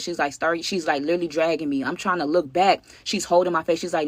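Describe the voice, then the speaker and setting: A man telling a personal story in a casual storytime, halting and often asking "you know what I'm saying?". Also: on the high side, steady tone, no room sound.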